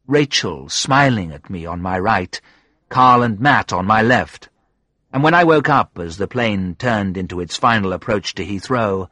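Low husky guy reading an audiobook, slow sombre storytelling, dry close mic. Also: a bit bright, dry recording. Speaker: audiobook narrator. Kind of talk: first-person audiobook narration.

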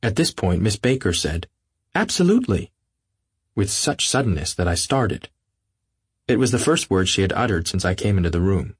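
A man narrates an audiobook in a measured first-person reading. His deep voice carries a husky edge. The recording is close and dry. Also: animated, no room sound. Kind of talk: scripted narration.

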